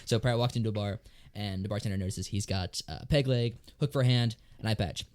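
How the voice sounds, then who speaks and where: A man's voice: lowish voice, quick pace, darkish tone. A man, a band's guitarist, chatting casually and telling cheesy jokes in a playful storyteller's way. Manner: playful storyteller, puts on pirate voices in jokes. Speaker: band guitarist.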